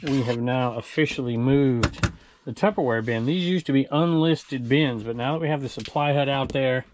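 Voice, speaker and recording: A man talks his way through a casual reseller vlog, rambling from one bin to the next and chuckling at his own asides. His voice sits at an ordinary middle pitch, and a faint hiss runs underneath. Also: moderate pace. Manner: rambling, chatty, chuckles to himself. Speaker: online reseller showing sold items. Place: indoor storage room with bins.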